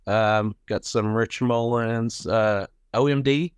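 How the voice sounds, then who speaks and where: Male podcast host, smooth resonant tone, dry close sound, easygoing. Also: fairly low pitch, takes it slowly, no room sound. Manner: relaxed, laughs often, many fillers. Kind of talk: casual chat.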